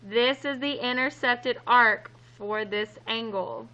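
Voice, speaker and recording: A woman's voice: on the high side, slow, pushed and bright, rough recording. A woman teaching a math class in a classroom, upbeat and playful as she joins in the students' jokes. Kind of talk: classroom lesson.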